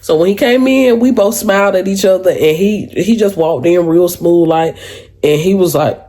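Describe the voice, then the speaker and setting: A woman vlogger telling a storytime to her viewers, animated and chatty, with a deep voice and sounding a little sick. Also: normal speed. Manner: animated, chatty, keeps addressing viewers as "y'all".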